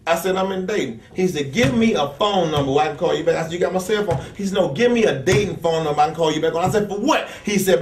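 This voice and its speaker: A man's voice: high voice, animated, a little fast. Profane, blunt man ranting in echoey room. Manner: blunt, profane, acts out quoted exchanges. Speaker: interview guest. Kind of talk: profane storytelling rant. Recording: echoey room, distant from mic.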